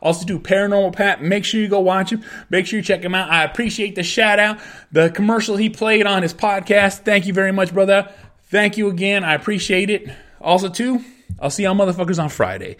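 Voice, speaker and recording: A middle-aged man with a high-pitched voice rants on his own podcast. He is angry and swears in nearly every sentence, circling back to the same complaints again and again. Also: brisk, a bit bright. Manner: angry, swearing constantly, repeating himself. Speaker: podcast host. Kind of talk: profane solo rant.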